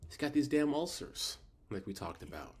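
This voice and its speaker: A man's voice: mid-range voice, sing-song, normal speed, a little mellow. A middle-aged man co-hosting a casual podcast, his voice rising and falling a great deal as he tells the story with animation. He breaks into laughter often and sounds under the weather. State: sick. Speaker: podcast co-host. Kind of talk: casual chat recapping a sitcom.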